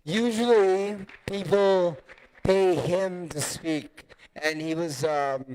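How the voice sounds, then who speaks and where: Energetic male emcee at a live event. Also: high voice, slow, a little hiss or hum, poor audio. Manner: energetic, playful hype. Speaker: event host. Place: hotel function hall with a live audience. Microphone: handheld microphone.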